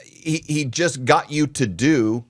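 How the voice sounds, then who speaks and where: A man's voice: on the high side, takes it slowly, dry recording, clean studio sound. A man co-hosting a business podcast, speaking casually and emphatically, with lots of fillers. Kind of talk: motivational podcast talk.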